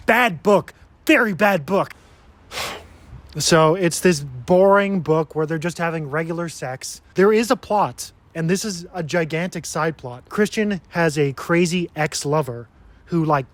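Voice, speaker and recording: A man reviewing a book in a casual, sarcastic and exasperated way. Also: a little high.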